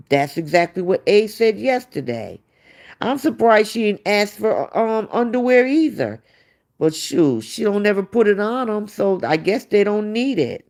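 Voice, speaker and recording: Woman, livestream host, blunt, scolding, slow easy delivery. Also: medium pitch, expressive, a little mellow. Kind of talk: casual commentary reading chat.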